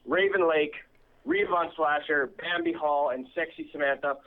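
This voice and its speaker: A man promoting a wrestling event in an upbeat, announcer-like pitch. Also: normal speed. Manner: hyped, announcer-like. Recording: tinny phone-line clip.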